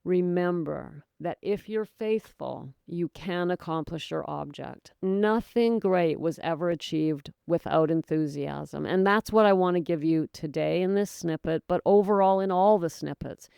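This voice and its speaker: A woman's voice: lowish voice, a little slow, creaky, few pauses, mellow, clear, resonant tone, dry recording, clean studio sound. A woman hosting her own sobriety podcast, talking straight to the listener in an earnest, encouraging, folksy way. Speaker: podcast host, sobriety coach. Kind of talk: motivational solo talk.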